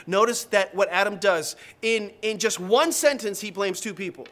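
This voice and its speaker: Bright high-voiced preaching man. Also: moderate pace, few pauses. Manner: emphatic preaching, acts out quoted voices. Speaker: pastor. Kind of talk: sermon.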